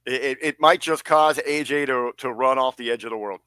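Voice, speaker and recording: A man's voice: mid-range voice, moderate pace, bright, forceful tone, clear, resonant tone, no room sound. A man co-hosting a casual wrestling podcast, hyping up over-the-top mock-patriotic bits and stretching out words for emphasis. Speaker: podcast co-host.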